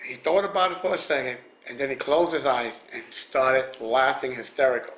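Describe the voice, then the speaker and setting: A man's voice: medium pitch, moderate pace, hardly any pauses, a bit bright. Man rambling through stories in an echoey room. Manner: rambling, with frequent restarts and chuckles. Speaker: vlogger. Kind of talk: casual storytelling.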